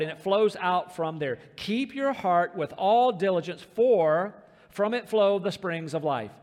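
A man preaching a sermon, emphatic and slowing down to stress scripture. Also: high voice. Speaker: pastor. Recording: reverberant hall.

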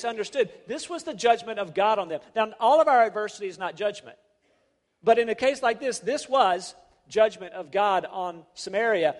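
A man preaching a sermon as a pastor, emphatic and full of rhetorical questions. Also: high-pitched. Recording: long reverb of a large hall.

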